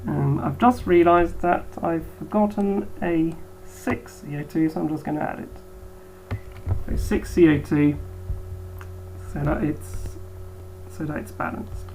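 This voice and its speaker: A woman's voice: sits low, steady tone, slow, a little mellow, a little hiss or hum, poor audio. A woman biology teacher giving a recorded lecture, hesitant with frequent ums.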